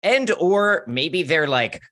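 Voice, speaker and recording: A man's voice: on the high side, sing-song, slow pace, bright, forceful tone. A man chatting on a comedy podcast, rambling with many hesitations. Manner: rambling, full of fillers and restarts. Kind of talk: casual comedy podcast chat.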